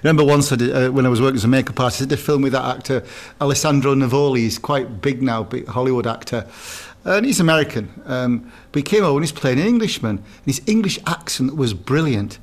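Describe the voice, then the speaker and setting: A man's voice: medium pitch, animated, fast, hardly any pauses. A man chatting as a co-host, telling rambling anecdotes with restarts. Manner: storytelling, rambling. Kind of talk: casual chat, anecdote.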